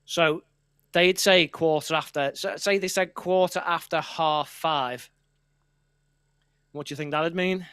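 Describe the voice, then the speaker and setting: A man's voice: on the high side, measured pace, long pauses, a bit bright, clear, resonant tone, no room sound, clean studio sound. A man, chatting casually as a co-host and telling rambling stories that break off and restart. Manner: rambling, self-interrupting storyteller. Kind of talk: casual chat.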